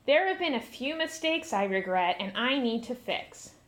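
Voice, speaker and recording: A woman's voice: fairly high pitch, sing-song, moderate pace. A woman voicing a bossy, clever female cat in a storybook, matter-of-fact and lecturing. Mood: self-assured.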